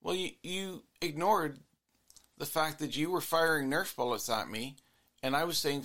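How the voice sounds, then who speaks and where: A man's voice: on the high side, unhurried, a bit bright. A man, a couples therapist hosting his own show, musing earnestly in a reflective solo monologue that circles back on its points. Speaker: couples therapist and podcast host.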